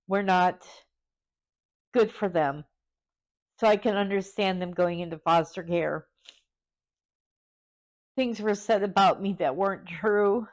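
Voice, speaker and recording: A woman vlogger talking candidly and hesitantly, pausing often and close to tears. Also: mid-range voice. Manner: halting and hesitant, many pauses; openly vulnerable, close to tears. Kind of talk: candid personal vlog.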